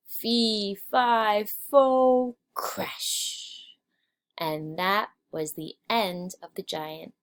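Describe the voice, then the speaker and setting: A woman narrating a children's story aloud, expressive and changing her pitch and volume with the story.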